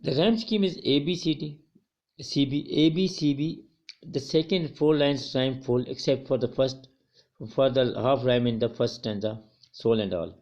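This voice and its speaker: A man's voice: mid-range voice, unhurried, a little mellow. A male college English teacher giving a recorded poetry lecture to students, often repeating and correcting his words as he explains.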